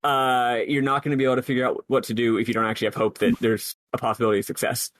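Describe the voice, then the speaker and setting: Racing along in a level, fairly bright mid-range voice, a man co-hosts a podcast and gives a long, earnest take on a game. His analysis rambles as he thinks out loud, with plenty of restarts.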